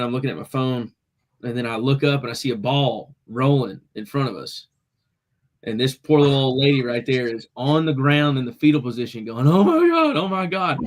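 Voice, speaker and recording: A man, casually telling a story on a podcast and acting out what people said. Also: mid-range voice. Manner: laid-back storyteller, acts out quotes. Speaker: podcast co-host.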